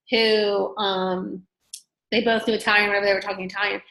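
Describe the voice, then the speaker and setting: A woman's voice: mid-range voice, little pitch movement, moderate pace, gravelly, a bit bright. A woman guest telling a story casually and chattily, full of fillers. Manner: chatty, many fillers like "like" and "whatever". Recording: echoey room.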